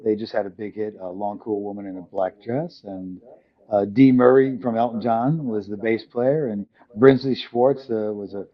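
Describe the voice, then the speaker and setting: A man's voice: fairly low pitch, fairly even intonation, normal speed. An older man from New York City with a New York accent, telling his story as a guest in a casual interview, rambling with lots of fillers and acting out quoted people. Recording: muffled lo-fi audio.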